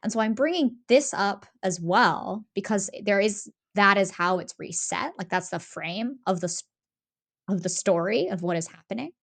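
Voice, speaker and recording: A woman's voice: medium pitch, moderate pace. Chatty woman podcast co-host. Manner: talkative, animated, many fillers and restarts. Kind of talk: casual discussion.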